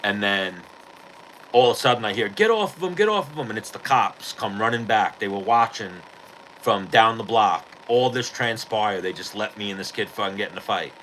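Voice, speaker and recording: A man hosting a podcast, casually retelling a street fight in a profane, animated way. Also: on the low side, normal speed, slight background noise, poor audio. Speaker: podcast host. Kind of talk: casual storytelling.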